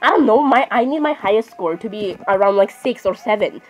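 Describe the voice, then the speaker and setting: A woman's voice: mid-range voice, expressive, a little fast, faint music behind, poor audio. A woman chatting casually while playing a game, often apologizing and saying "literally". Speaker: gamer. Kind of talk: casual gameplay commentary.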